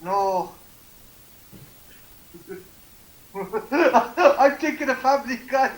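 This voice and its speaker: High-voiced Irish man, sarcastic banter. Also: animated, very slow. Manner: sarcastic, swears freely, riffing jokes. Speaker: guest. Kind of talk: casual watch-party chat. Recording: echoey room with faint noise.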